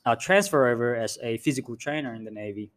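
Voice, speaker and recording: A man's voice: mid-range voice, lively intonation, fast. A man in his thirties from the Philippines, co-hosting a podcast and chatting frankly and casually, with free swearing. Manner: frank and loose, swearing freely. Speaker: podcast co-host, Navy veteran. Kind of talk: casual chat.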